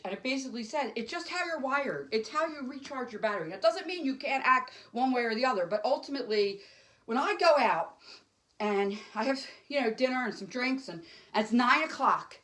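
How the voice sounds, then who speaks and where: A woman's voice: on the high side, a bit bright. A middle-aged woman doing solo stand-up to camera at home, rambling and emotional, jumping between topics. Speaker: stand-up comic. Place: home, alone.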